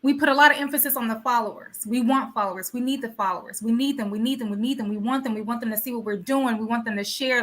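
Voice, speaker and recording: A woman with a high, bright voice hosts a live motivational talk. She preaches to her audience, firing off rhetorical questions and repeating her points for emphasis. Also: fast, few pauses. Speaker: host of a wellness show.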